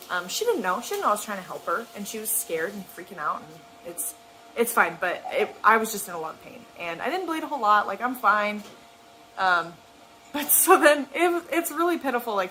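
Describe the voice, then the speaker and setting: A woman's voice: medium pitch, fairly bright tone, a little hiss or hum, rough recording. A young woman in her twenties telling a story to camera at home, chatty, laughing often and full of ums and likes, filmed on a handheld camera. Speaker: vlogger. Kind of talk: casual vlog storytelling. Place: at home indoors. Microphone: handheld camera on a gimbal.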